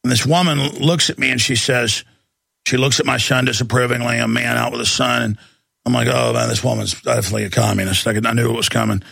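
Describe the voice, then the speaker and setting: Gravelly, fired-up male talk show host. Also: medium pitch, fairly even intonation, fast, sharp tone, no echo. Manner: heated, repetitive, emphatic. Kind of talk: ranting political commentary.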